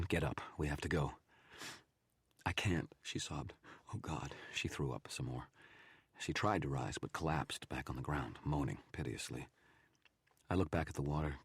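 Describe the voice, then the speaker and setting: A man narrating a fantasy novel aloud in steady first person on a live stream. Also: rumbling low, breathy edge, no echo.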